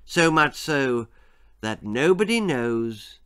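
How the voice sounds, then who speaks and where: A man reading aloud, voicing a creepy old male entomologist who speaks slowly and quietly with a threat underneath. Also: mid-range voice, sing-song, clean tone. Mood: hushed. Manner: slow, hushed, ominous delivery.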